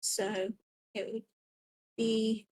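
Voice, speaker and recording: A woman's voice: on the high side, little pitch movement, drawn-out words, a little mellow, dry recording, poor audio. A woman playing in a tabletop game, talking hesitantly with many ums and restarts. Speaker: player. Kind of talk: casual in-character play.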